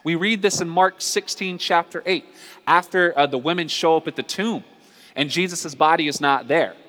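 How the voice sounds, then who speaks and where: A man preaching a sermon as a pastor, earnest and conversational, with drawn-out dramatic pauses. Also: fairly high pitch, fairly bright tone. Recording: long hall reverb.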